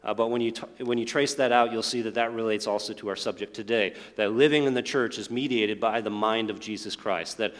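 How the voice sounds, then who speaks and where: A man's voice: lowish voice, fairly even intonation, brisk, few pauses. A man preaching a sermon as pastor, earnest and emphatic, praying and then asking rhetorical questions to his congregation. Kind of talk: sermon with prayer. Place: church sanctuary. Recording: long hall reverb.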